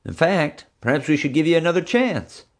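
A man's voice: fairly high pitch, sing-song, a little fast, voice pushed up. A man voicing a grinning billionaire who teases and mocks a frightened man. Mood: smug. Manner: smug, mocking.

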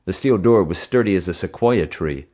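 At a normal speed, a man with a very deep voice narrates a story. His reading is steady and scripted, much like an audiobook.

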